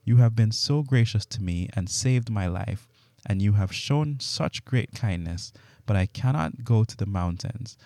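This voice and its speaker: An anxious man begs and pleads urgently, voiced by a male scripture reader. His voice is low and mellow, dry and close. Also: unhurried, dry recording. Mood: begging. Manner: begging, urgent. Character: anxious begging male host.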